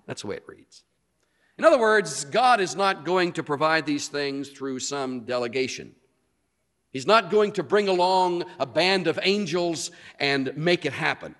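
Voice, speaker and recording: A man's voice: on the high side, animated, normal speed, fairly bright tone. A man preaching an expository sermon, drawing out key words for emphasis. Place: church sanctuary. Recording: long reverb of a hall.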